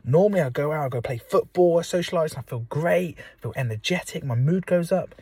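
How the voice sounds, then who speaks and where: A man's voice: fairly high pitch, brisk, warm tone, husky, no echo. A young man hosting his own podcast from inside a car, giving a rambling, upbeat pep talk with many fillers, a little out of breath after a game of football. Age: young adult. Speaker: podcast host. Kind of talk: casual solo podcast monologue.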